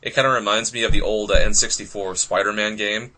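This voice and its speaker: A man co-hosting a casual gaming podcast, animated and quick to laugh, full of fillers. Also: fairly low pitch. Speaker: podcast co-host.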